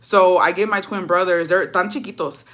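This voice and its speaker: A young woman casually telling a story in a profane, slangy, animated way, dropping in Spanish phrases. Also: on the low side, moderate pace. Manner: animated, dramatic retelling. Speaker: storytime vlogger.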